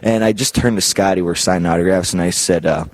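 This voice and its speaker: A man's voice: sits low, quick pace, no room sound. A young man, a professional wrestler, telling anecdotes casually in an interview and chuckling often.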